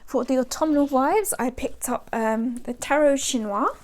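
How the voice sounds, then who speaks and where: At home, a woman with a high voice chats casually at normal speed as a tarot vlogger. She rambles and laughs while showing off her decks in a relaxed show-and-tell.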